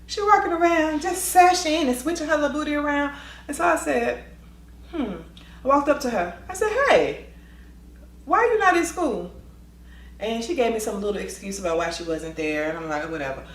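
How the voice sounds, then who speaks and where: A woman telling a school story in a lively vlog style, acting out the voices with quick asides. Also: high voice, echoey room. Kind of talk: storytime vlog, animated retelling.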